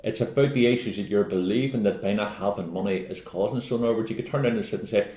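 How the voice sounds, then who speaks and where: A man's voice: fairly low pitch, racing, few pauses, dark tone. A man co-hosting a casual wellness chat, rambling and jokey as he gives advice. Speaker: co-host. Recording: echoey room.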